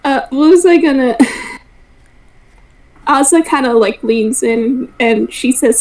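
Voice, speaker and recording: A woman's voice: high voice, slow, pauses often, a little mellow, recorded from a distance, poor audio. A woman player in a tabletop game who talks in a hesitant, giggly way.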